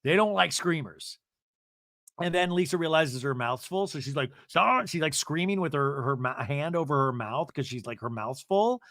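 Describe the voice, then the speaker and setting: A man hosting a podcast, telling a comedic reality TV recap with animated storytelling. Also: on the high side, normal speed, no room sound, studio quality. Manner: animated storytelling, swearing, laughing at the drama. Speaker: podcast host.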